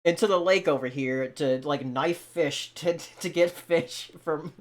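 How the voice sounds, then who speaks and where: A man hosting a podcast, reading out viewer questions in casual chat with hesitant pauses. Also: on the high side. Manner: hesitant, many ums and restarts.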